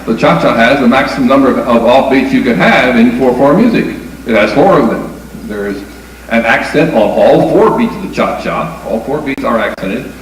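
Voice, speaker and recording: A man lectures on dance music with a demonstration, explaining step by step and counting the beats aloud. His voice is medium-pitched and lively at a normal speed, heard from far off in an echoey room with faint noise.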